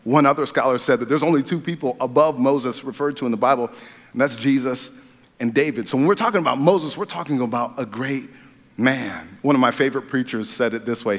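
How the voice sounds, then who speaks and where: A man of middle pitch preaching a sermon in a big church hall, his voice trailing into a long reverb. He jokes with the crowd and jumps into loud excited bursts, then settles into quieter earnest talk.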